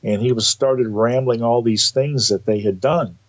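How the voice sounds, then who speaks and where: A man telling a personal story in a casual, animated way, acting out the quoted dialogue. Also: mid-range voice, normal speed, lo-fi sound. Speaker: guest telling of entity encounters.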